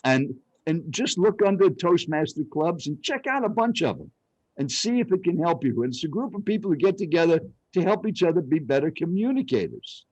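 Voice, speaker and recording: A man's voice: on the high side, brisk, no echo, lo-fi sound. Older guy coaching speaking, big swings in his voice, dry close sound. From Arizona, United States. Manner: animated, dramatic storyteller. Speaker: speech coach guest. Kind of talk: storytelling interview.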